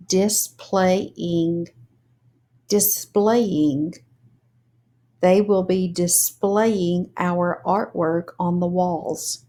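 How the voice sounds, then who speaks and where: A woman's voice: fairly low pitch, fairly even intonation, very slow, warm tone. A woman teaching a reading lesson, spelling words letter by letter and sounding out syllables. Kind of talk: slow, deliberate reading lesson.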